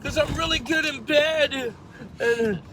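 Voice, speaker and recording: A man putting on the voice of a distraught young woman passenger who is crying and shouting demands. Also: slow, background noise. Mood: tearful rambling. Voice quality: high shrill pleading. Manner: wailing and shouting.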